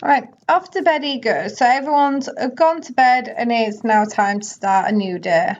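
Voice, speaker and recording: A woman giving casual, chatty commentary over a life-sim game, now and then voicing characters. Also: on the high side. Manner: chatty, voices characters in quick asides. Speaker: gaming video host. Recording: slightly dull lo-fi audio.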